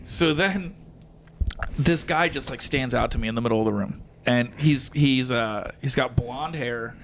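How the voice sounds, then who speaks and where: A man, a comedian and guest, telling a story in casual conversation, animated and quick to laugh, acting out bits of dialogue. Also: medium pitch, a little hiss or hum. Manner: animated, breaks into laughter, acts out lines of dialogue.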